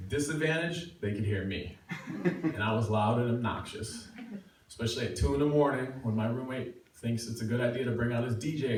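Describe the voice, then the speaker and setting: Self-mocking man telling a story in an echoey room. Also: mid-range voice. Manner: self-mocking, animated, acting out quotes. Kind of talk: live personal storytelling. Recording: echoey room, far from mic, faint noise.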